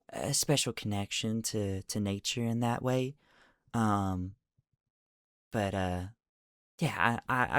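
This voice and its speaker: A man voicing a gentle, sweet young woman who loves nature, talking in a soft, slightly rambling way. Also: mid-range voice, no room sound, clean studio sound, lightly acted. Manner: soft, gushing and a little rambling.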